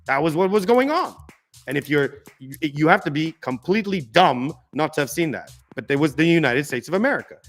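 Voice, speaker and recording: A man's voice: fairly high pitch, animated, a little fast. A man hosting a live political stream, giving emphatic, ranting commentary full of restarts.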